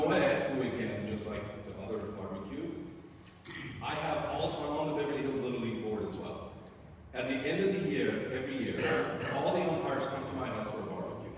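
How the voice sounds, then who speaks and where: A man's voice: medium pitch, lively intonation, normal speed, a little hiss or hum. A man who coaches youth sports, telling stories and giving advice to a group of parents, acting out the voices of the people he quotes. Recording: echoey hall, speaker far from mic.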